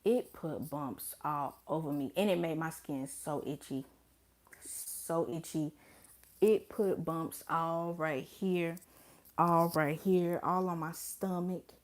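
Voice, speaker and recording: A woman's voice: sits low, slow pace. A young woman telling a story to her vlog camera in casual chat, blunt and profane, acting out her own remarks with big swings in her voice. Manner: animated, blunt and profane, with dramatic quoted asides. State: pregnant. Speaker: vlogger.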